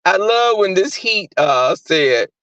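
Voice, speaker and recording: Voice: mid-range voice, takes it slowly, no room sound. A person giving casual, profane commentary on a reality show, often jumping into mocking impressions. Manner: animated, jumps into mocking impressions of people. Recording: dull lo-fi dry recording.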